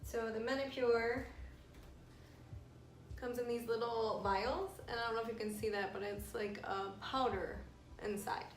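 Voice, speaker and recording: A woman's voice: on the high side, fairly even intonation, measured pace, a little hiss or hum. A young woman vlogging casually and frankly, with many fillers. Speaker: vlogger sharing her fertility treatment. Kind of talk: casual explainer vlog. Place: room at home. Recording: echoey room, faint music.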